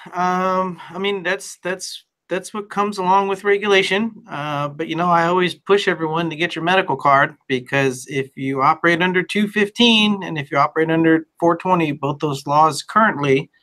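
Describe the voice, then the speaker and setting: A man guesting on a podcast, calmly explaining rules with a few fillers. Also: on the high side. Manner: measured, informative, with fillers. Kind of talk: casual explanation.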